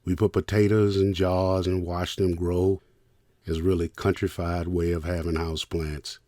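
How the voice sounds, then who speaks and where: An older man from Richmond hosting a storytelling podcast, reminiscing in the first person and thanking listeners warmly. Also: low voice, flat delivery, unhurried, dry recording. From Richmond, United States. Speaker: podcast host and producer.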